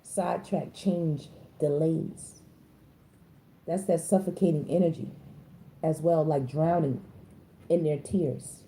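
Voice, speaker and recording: A woman, doing a casual tarot reading in a blunt, slangy and animated way. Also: takes it slowly, pauses often, a little hiss or hum. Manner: animated, slangy, blunt, with sudden high-pitched exclamations. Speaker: tarot reader.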